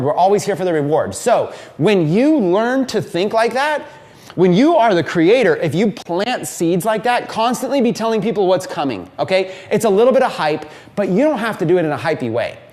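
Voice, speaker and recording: This is a male trainer leading a live marketing session, his voice sitting well above the usual male range. He drives every point with energetic emphasis and fast repetitions, as if pumping up a room of students. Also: sits high.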